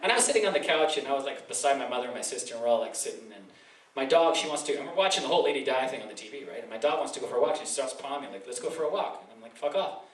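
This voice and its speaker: Chilean comedian, lively, echoey club recording. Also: male voice, very fast. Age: 30s. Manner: casual, profane, rambling with frequent "like" fillers; jumps into loud high-pitched voices when acting out scenes. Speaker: stand-up comedian. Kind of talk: live stand-up comedy. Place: comedy club with a live audience. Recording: echoey club from far off, loud noise.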